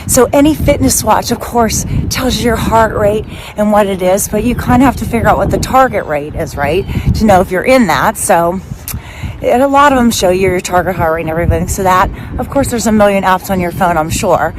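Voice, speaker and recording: A woman's voice: mid-range voice, expressive, brisk, noisy background. A woman in her fifties, a personal trainer, chatting casually to her phone camera in a rambling, upbeat way full of asides. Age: 50s. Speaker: personal trainer and bodybuilder vlogger. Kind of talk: casual vlog chat to camera.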